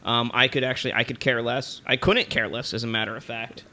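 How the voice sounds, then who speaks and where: A man co-hosting a casual podcast chat, joking around, humming theme tunes and filling pauses with ums. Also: mid-range voice, little pitch movement, pushed and bright. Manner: jokey, hums theme tunes, lots of ums. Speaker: podcast co-host.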